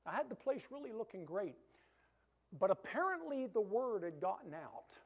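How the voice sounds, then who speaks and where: A male preacher with a notably high voice tells a story in a sermon. He retells it through quoted dialogue, keeping it animated and moving.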